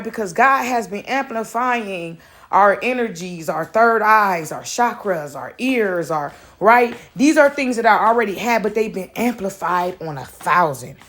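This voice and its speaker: A woman's voice: on the high side, fairly bright tone. Out-of-breath chatty woman. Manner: chatty, keeps asking "right?". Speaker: vlogger. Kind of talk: casual spiritual vlog chat. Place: in a house with her dog.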